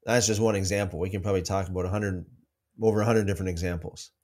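A man hosting a casual livestream about faith, reading out viewer comments and telling stories with many restarts. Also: quick pace. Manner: rambling, restarts often, lively pitch swings when telling stories.

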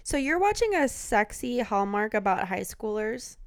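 A woman's voice: fairly high pitch, big pitch swings, moderate pace, no room sound, clean studio sound. A woman co-hosting a podcast in casual chat, teasing her partner and laughing often. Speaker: podcast co-host.

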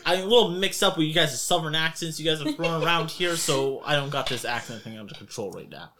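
A man's voice: a little high, quick pace. A man running a tabletop game as game master, joking loosely and laughing often. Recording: group chatter and laughter behind.

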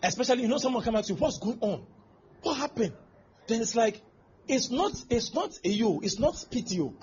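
A man's voice: extremely high pitch, animated, fast talker, darkish tone, breathy edge. A male pastor preaching a sermon, acting out scenes with exclamations and laughter. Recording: dull lo-fi sound with faint background noise.

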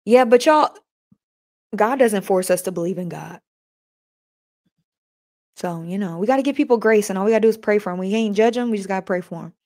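Woman, podcast host, casual live-stream chat, reads comments, mid pitch. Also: brisk, long pauses, a little mellow. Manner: chatty, addresses listeners as y'all, reads comments aloud.

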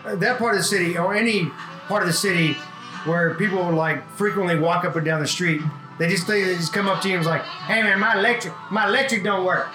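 High-voiced man in an echoey room. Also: fast, over music. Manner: chiming in, animated impressions. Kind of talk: casual podcast chat.

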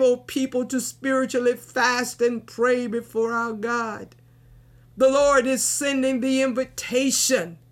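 A woman delivers a sermon in a high, bright voice. She speaks very slowly and fervently, and her delivery swells with emotion. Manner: slow, fervent, emotional preaching with sung hymn lines. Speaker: preacher.

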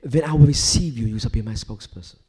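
Preaching a live sermon, a man swings between loud, emphatic declarations and hushed near-whispers, leaning on repetitive, rhythmic phrasing. His voice sits at a medium pitch, he talks fast, and a crowd can be heard behind him.

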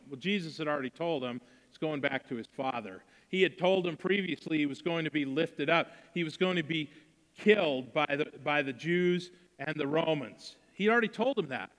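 Bright-voiced man preaching in a hall. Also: on the high side, moderate pace. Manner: conversational preaching, acts out quotes. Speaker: pastor. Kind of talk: sermon.

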